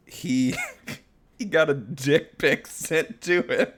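A young man co-hosts a comedy podcast, rambling through stories in casual, comedic chat and often laughing mid-sentence. His voice is a little high and his pace slow.

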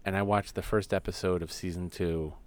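Profane storytelling man, low voice. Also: fairly even intonation, fairly quick, clean tone. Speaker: podcast co-host. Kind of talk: casual chat.

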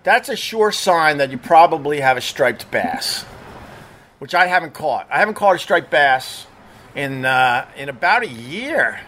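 Rambling, slightly high-voiced middle-aged man. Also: very animated, measured pace, pushed and bright. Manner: rambling, profane, loose with fillers and restarts. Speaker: former radio DJ telling stories. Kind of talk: casual storytelling monologue.

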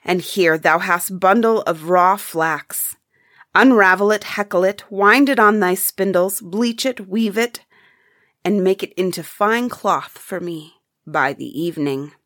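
A woman's voice: mid-range voice, measured pace, a bit bright, dry recording, studio quality, close to an everyday voice. A woman voicing a harsh old stepmother barking orders in a folk tale. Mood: scolding.

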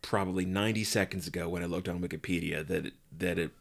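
A man co-hosting a podcast, chatting in a relaxed, rambling way full of "like". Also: low voice, quick pace, gravelly. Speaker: podcast co-host. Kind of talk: casual chat about a movie.

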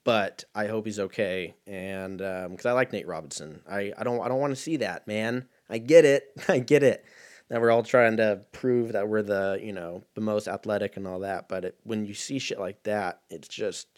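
A man's voice: fairly low pitch, steady tone, moderate pace, hardly any pauses. A man in his thirties hosting a casual solo podcast, rambling in a laid-back, profane way with lots of fillers. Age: 30s.

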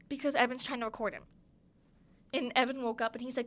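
A young woman with a fairly high voice tells holiday stories on her podcast. She talks in a casual, giggly way and leans on fillers as she goes. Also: fast talker, fairly bright tone, a little hiss or hum. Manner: chatty, giggly, lots of "like" fillers. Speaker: podcast host. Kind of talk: casual storytelling monologue.

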